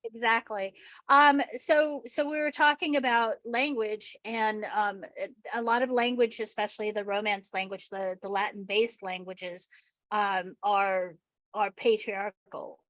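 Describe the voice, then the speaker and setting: A woman's voice: mid-range voice, fairly even intonation, measured pace, a bit bright, no room sound. An American woman hosting a podcast interview over an online call, chatty and rambling, laughing easily. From United States. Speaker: podcast host. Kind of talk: casual remote interview chat.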